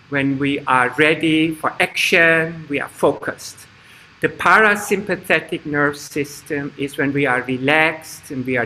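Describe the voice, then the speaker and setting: A man teaching a live online kids' yoga class over a video call, speaking in a slow, halting way with stops and restarts. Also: a little high, sharp tone. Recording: echoey room, faint background noise.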